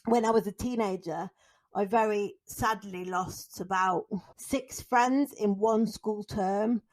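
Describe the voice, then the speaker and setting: A woman co-hosting a podcast, talking candidly with dark humour and lively storytelling. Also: mid-range voice, takes it slowly. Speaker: podcast co-host. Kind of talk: casual conversation.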